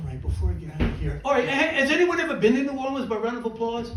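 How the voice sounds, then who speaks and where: A man's voice: extremely high pitch, very animated, quick pace, very noisy. A middle-aged man doing a stand-up comedy set, rambling and self-mocking. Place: comedy club stage. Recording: roomy club from a distance with crowd laughter.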